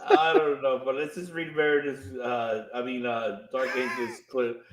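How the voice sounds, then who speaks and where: A man's voice: mid-range voice, steady tone, normal speed, reverberant, slight background noise. A man co-hosting a wrestling podcast, reading viewer comments and laughing along in casual chat. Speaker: podcast co-host.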